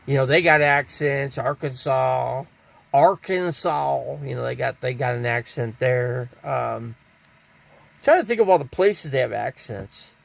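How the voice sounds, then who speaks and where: A man's voice: mid-range voice, gravelly, no room sound. An older man from Arizona hosting a live stream, rambling casually and answering viewers' chat comments aloud. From Scottsdale, Arizona.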